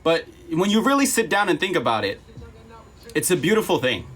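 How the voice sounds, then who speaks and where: A man's voice: on the high side, very animated, brisk, fairly bright tone, breathy edge. A man talking earnestly on a livestream, emphatic and apologetic, repeating himself and close to tears.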